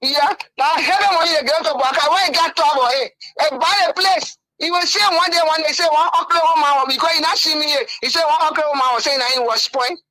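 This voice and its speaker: A woman's voice: high voice, quick pace, few pauses, bright, forceful tone, dry recording, low-quality recording. A woman caller, talking passionately and at length on a radio call-in line.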